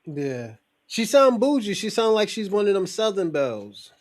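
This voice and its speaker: A man's voice: high-pitched, sing-song, moderate pace, no room sound. A male host in casual chat, loose and joking, laughing often and using street slang.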